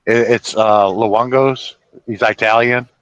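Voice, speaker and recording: A man's voice: lowish voice, fairly even intonation, slow pace, clean tone, no room sound. Rambling, cussing trucker guy, dull lo-fi sound. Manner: storytelling with swearing and restarts. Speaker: truck driver streaming. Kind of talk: casual rambling chat.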